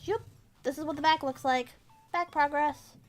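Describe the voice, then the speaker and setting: A woman's voice: high voice, normal speed, soft background music. Bubbly young woman chatting on stream. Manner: bubbly, giggly, baby-talks to her cat. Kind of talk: casual stream chat while embroidering.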